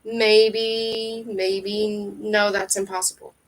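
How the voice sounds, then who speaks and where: A woman reading aloud, voicing a huge skeletal male ferryman who speaks in hushed, hissing, evasive tones. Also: medium pitch, little pitch movement, drawn-out words.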